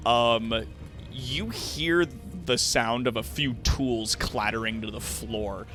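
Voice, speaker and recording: A man's voice: mid-range voice, takes it slowly, fairly bright tone, faint music behind. A young man narrating a tabletop game as game master, casual, full of fillers and swearing.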